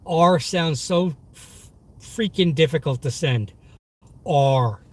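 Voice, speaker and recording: A husky, high-leaning male voice with a Boston accent belongs to a Massachusetts delivery driver live-streaming from his car while driving. He takes his time speaking but stays chatty, upbeat, and boastful with viewers in the chat. Car and road noise fill the interior.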